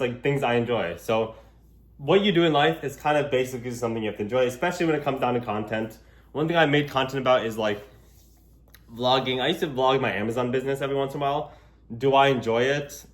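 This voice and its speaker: A young man talking casually to a handheld camera while walking in public, rambling with lots of fillers. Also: medium pitch. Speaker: vlogger. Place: outdoors in public. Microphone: gimbal camera held while walking.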